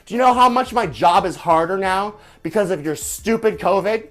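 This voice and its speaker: A man's voice: high voice, moderate pace, faint music behind. A man hosting a live stream, ranting with profanity and firing off repeated rhetorical questions. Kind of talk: angry political rant on a live stream.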